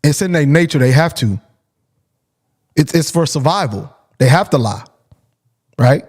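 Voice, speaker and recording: A man's voice: fairly high pitch, expressive, a little slow, darkish tone. A man hosting a call-in show, talking casually and bluntly, repeating his points for emphasis. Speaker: host.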